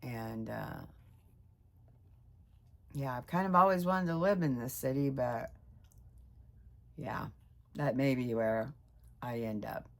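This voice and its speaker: A low, gravelly-voiced woman in her sixties talks through a personal vlog update. She rambles and gets emotional, and her voice climbs high when she gets excited. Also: slow pace, long pauses. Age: 60s. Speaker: vlogger.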